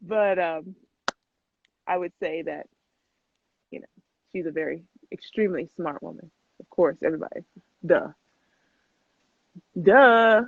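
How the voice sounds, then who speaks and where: A chatty young woman answers viewer questions in a relaxed live Q&A, talking quickly and breaking into laughs between answers. Her voice comes through thin and phone-like. The sound is close and dry, with no room around it. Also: lowish voice, vocal fry, slightly rough, dry recording. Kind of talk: casual live Q&A chat.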